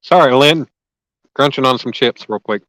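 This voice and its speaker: A man's voice: mid-range voice, moderate pace, fairly bright tone, dry recording, low-quality recording. A man, hosting a fishing livestream outdoors and chatting casually and folksily with viewers by name. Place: lakeside outdoors.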